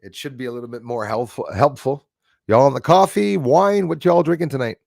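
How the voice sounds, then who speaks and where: A man's voice: mid-range voice, fairly quick, vocal fry, a little mellow, dry recording, studio quality. A man hosting a casual livestream, reading viewer comments aloud, chuckling often and rambling between topics. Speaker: livestream host.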